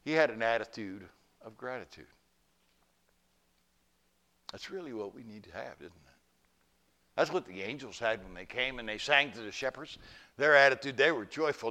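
A male pastor delivering a sermon in a church. He tells stories and keeps turning questions back to the congregation, at a middling pitch for a man. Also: expressive, normal speed, pauses often, bright, forceful tone. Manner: storytelling preacher, asks the congregation questions.

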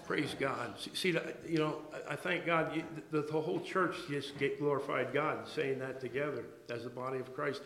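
A man preaching a sermon to his church, halting and restarting his words, then pressing his points with emphasis. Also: mid-range voice, fairly even intonation, fairly bright tone, reverberant, low-quality recording. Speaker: pastor.

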